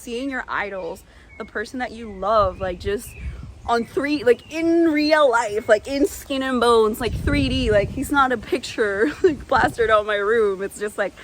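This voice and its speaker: A young woman with a slightly high voice tells an excited story for her vlog, leaning on "like" at every turn. Now and then she gasps or squeals as she replays the moment. A faint hiss sits under the recording. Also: measured pace, rough recording. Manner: animated, squeals and gasps when acting out her past self; peppers speech with "like". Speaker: vlogger.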